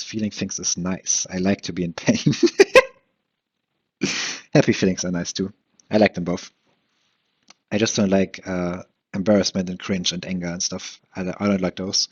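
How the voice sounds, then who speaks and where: A young man talks alone into a home mic, rambling, cursing and tripping over restarts, with a slight lisp that slurs his words. His voice sits low and a bit husky. The recording is dry and dull, like a cheap setup in a small room. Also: dry recording. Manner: rambling, profane, self-deprecating, lots of fillers and restarts. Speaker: podcast host. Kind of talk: solo rambling podcast.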